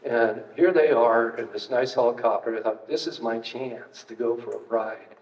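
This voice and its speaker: A man's voice: mid-range voice, steady tone, moderate pace. An older man, a retired archaeologist, giving a casual, anecdotal public talk with slides, full of fillers and wry asides. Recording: distant, roomy, dull hall recording.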